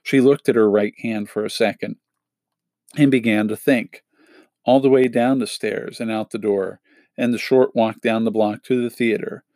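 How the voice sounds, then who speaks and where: A man reading a children's novel aloud in a steady, measured storytelling manner. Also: on the low side, no echo. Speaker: audiobook reader.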